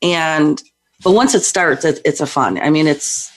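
A woman's voice: low-pitched, a little slow. A woman guest on a talk show, a psychic medium telling her story in a hyper, rowdy, chatty way. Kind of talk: casual talk show interview.

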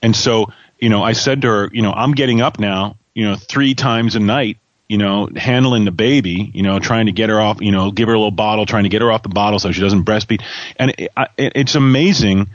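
A man's voice: fairly low pitch, a little fast, no echo, muffled recording. A man hosting a casual chat, rambling along with lots of fillers and restarts. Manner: rambling, many "you know" fillers. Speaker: host.

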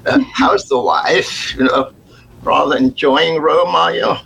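A man's voice: a little high, slow pace, vocal fry, sharp tone, a little hiss or hum, voice pushed up, exaggerated voice, rough recording. A man doing a plummy, condescending boss. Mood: jovial. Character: posh, patronizing senior manager, male.

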